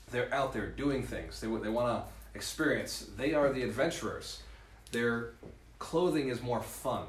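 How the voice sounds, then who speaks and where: A man teaching a live seminar to a room, talking at an ordinary middle pitch. He keeps it lively and chuckles often, checking in with the audience as he goes. The sound is roomy and echoey, with faint ambience underneath. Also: a little hiss or hum. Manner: lively, laughing, often tags with "right?". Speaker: real estate mentor.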